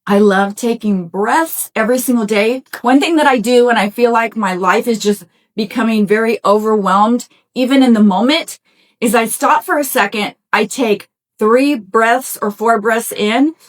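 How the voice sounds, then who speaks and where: As a podcast host, a middle-aged woman with a slightly raised pitch delivers a motivational self-help talk at a moderate pace. She's warm, folksy, and encouraging, speaking straight to listeners and sprinkling in plenty of "y'all" and "right?".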